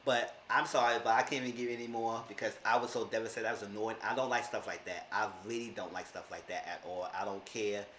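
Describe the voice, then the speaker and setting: A man's voice: fairly low pitch, steady tone, fast talker, hardly any pauses, a bit bright, reverberant, slight background noise. A man in his thirties giving a casual, emphatic TV episode recap, repeating himself when annoyed. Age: 30s. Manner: emphatic, exasperated, repeats phrases. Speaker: TV episode reviewer.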